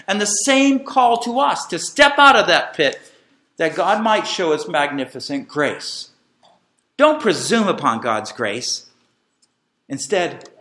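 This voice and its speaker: A middle-aged man preaching a sermon as pastor, emphatic and animated, calling the congregation to repeat after him. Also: high-pitched. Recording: echoey room.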